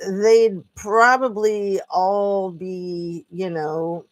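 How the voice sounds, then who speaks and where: A woman's voice: mid-range voice, fairly even intonation, very slow. A woman talking at home in a rambling, chatty political commentary vlog, often drifting off on tangents. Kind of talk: casual commentary monologue. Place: at home with a dog.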